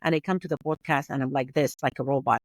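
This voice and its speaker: A woman's voice: rumbling low, steady tone, fast, no room sound. A woman with a Kurdish accent, a native Kurdish speaker, talking as a podcast guest in an earnest way, often restarting and repeating words. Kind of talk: casual interview chat.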